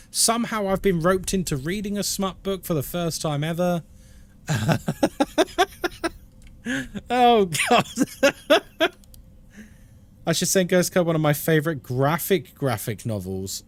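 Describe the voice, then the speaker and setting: A British man streaming a game, chatting casually, reading chat out loud and laughing often. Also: high voice. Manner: chatty, laughs a lot, reads chat aloud.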